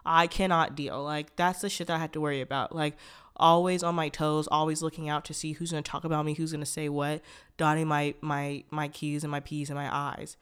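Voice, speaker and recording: Young woman with a smooth voice. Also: low voice, little pitch movement, brisk. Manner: rambling, frequent "like" fillers and restarts, blunt and profane. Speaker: podcast host. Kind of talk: candid personal storytelling.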